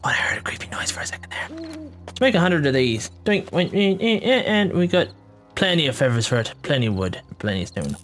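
Hushed voice, playful gameplay commentary, very lively pitch, goofy hummed sound effects, faint music behind. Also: fairly quick. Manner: hushed, keeping quiet for a sleeping household; playful, hums silly sound effects while working. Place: home room at night.

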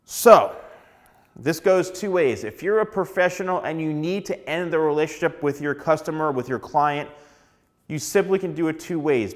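A man who works as a hairstylist, giving casual, chatty advice to the camera and acting out little dialogues along the way. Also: a little high.

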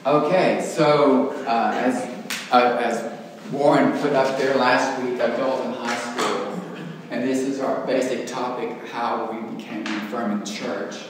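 A man's voice: medium pitch, steady tone, unhurried. A man with an East Texas accent teaching an adult church class, chatty and self-deprecating, with hesitant fillers. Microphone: distant room mic. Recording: echoey hall, voice far from mic, faint noise.

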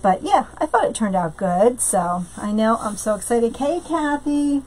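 A woman's voice: a little high, animated, a little mellow, low-quality recording. A woman hosting a live craft tutorial from home, chatting with viewers and greeting them by name between steps, with lots of fillers. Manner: many fillers, slow drawn-out greetings. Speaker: craft live-stream host.

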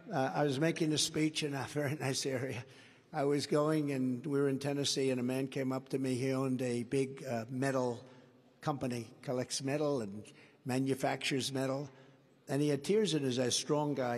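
A man giving a campaign rally speech in a large indoor venue. He rambles and repeats himself for emphasis, swinging from shouted lines to low asides. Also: fairly even intonation, moderate pace. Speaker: political candidate. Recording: reverberant hall, faint background noise.

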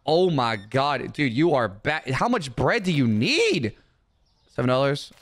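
A man's voice: medium pitch, big pitch swings, unhurried. A young man giving comedic gameplay commentary, trash-talking game customers in mock anger. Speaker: gaming YouTuber.

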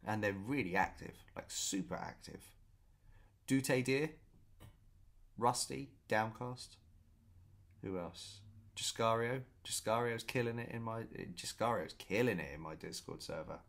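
A man telling a story in a casual vlog, chatty and animated, often repeating himself. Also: on the low side, a little slow, gravelly. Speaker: vlogger.

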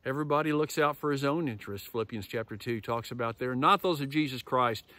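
A male pastor gives a conversational sermon, retelling stories and acting out quoted lines with lively emphasis. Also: medium pitch, fast talker, dry recording.

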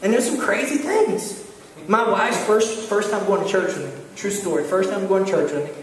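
A man preaching a sermon, animated storytelling with repeated calls to listen. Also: sits high, normal speed, slight background noise. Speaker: pastor. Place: church sanctuary. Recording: echoey church hall, mic far off.

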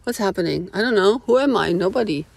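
A woman chats to a small phone camera, wandering from point to point with plenty of asides. Her voice sits at an ordinary middle pitch. The sound is dry and close, with no room echo. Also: animated, fast talker, creaky, a little mellow. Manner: rambling, opinionated, with frequent asides. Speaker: vlogger. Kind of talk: casual monologue to camera.

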